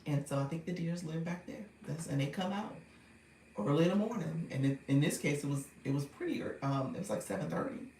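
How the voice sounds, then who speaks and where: A woman's voice: low voice, expressive, fairly quick, dark tone, reverberant, slight background noise. A woman hosting a livestream as a coach, chatting supportively and telling stories with easy laughter. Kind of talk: casual video call chat.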